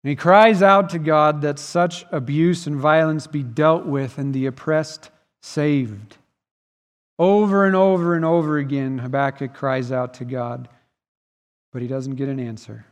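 A pastor's fairly high voice carries slowly through the church sanctuary, where the hall's reverb lingers long after each phrase. He preaches with earnest emphasis, letting his volume rise and drop.

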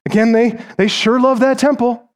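A man preaches with emphatic conviction in a high, clear voice. He leans on dramatic pauses and rhetorical questions, driving each point home. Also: fairly even intonation. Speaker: pastor. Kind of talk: sermon.

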